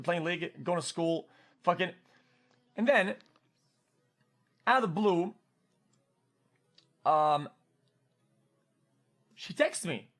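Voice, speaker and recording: Excitable French-Canadian streamer guy, higher voice. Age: 20s. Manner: excitable, swearing, stumbling repeats. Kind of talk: casual storytelling on stream.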